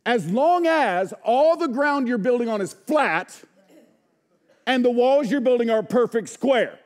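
A male pastor with a high-pitched voice delivers a sermon, drawing responses from the congregation. He talks in a folksy way, full of y'all and rhetorical questions. His voice drops to quiet low asides, then rises to loud, emphatic shouts. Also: expressive, a little slow. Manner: preaching with call-and-response to the congregation.

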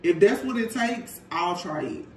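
A man acting out a selfish, narcissistic man who lays out his demands as plain common sense, dropping into a lower voice for him. The sound is roomy, picked up from a distance with a faint hiss. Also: expressive, a little slow. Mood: smug. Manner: entitled, matter-of-fact demanding.

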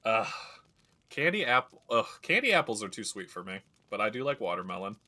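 A man's voice: lowish voice, sing-song, brisk, sharp tone. A man streaming a video game, chatting casually and rambling through stories as he plays. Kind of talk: casual gameplay commentary.

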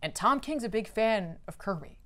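A woman in casual podcast chat, walking through a comic's plot with loose, rambling phrasing. Her voice sits at an ordinary middle pitch, and "like" fills almost every other phrase. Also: expressive, normal speed, pushed and bright, slight background noise. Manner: chatty, lots of "like" fillers. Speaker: podcast co-host.

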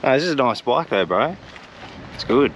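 In a casual vlog filmed outdoors near the road and beach, a young Australian man chats in a relaxed way despite the wind. His mid-range voice is very animated at a moderate pace, with wind and traffic audible around him.

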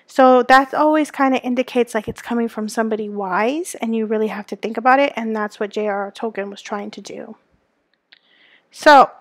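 A woman's voice: high voice, no echo. A woman teacher giving a recorded lesson to students. She explains step by step and keeps checking in with them with "okay?" and "right?".

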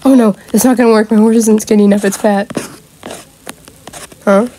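A woman's voice: mid-range voice, steady tone, normal speed, dark tone, slight background noise, rough recording. A woman chatting casually with a friend while they play a game together, giggly, playful and chatty. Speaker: gamer playing with a friend. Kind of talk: casual chat over gameplay.

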